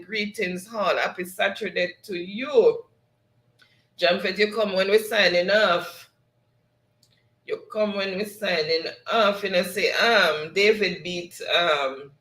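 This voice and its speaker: A male livestream host signs off casually, reading viewers' comments aloud and laughing often as he drifts into patois. His voice is high for a man, slow, pushed, and bright, echoing around a roomy space.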